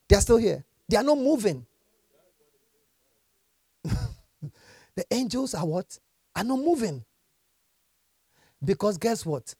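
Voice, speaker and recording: A man preaching a lively sermon from scripture, laughing often and swinging from quiet asides to shouted exhortations. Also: fairly high pitch, vocal fry, husky, no echo. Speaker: pastor.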